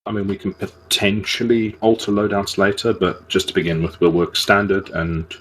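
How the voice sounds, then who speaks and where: A man in a gaming voice chat with a dry sarcastic wit, calmly explaining team plans. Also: lowish voice, moderate pace, slight background noise, low-quality recording. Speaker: gamer organizing a team campaign.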